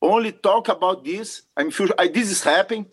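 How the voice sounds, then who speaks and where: Male guest, high voice, emphatic and earnest. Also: moderate pace, breathy edge. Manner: earnest, broken non-native English, emphatic. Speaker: podcast guest, jiu-jitsu referee. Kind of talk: casual interview talk.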